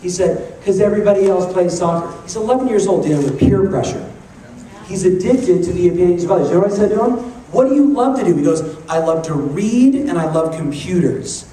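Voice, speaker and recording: High-voiced man speaking in an echoey hall. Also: a little fast. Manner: energetic, joking, asks the crowd questions. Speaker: motivational speaker. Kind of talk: live motivational talk to an audience. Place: large conference hall. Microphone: handheld camcorder in the audience. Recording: echoey hall taped from far off on a camcorder.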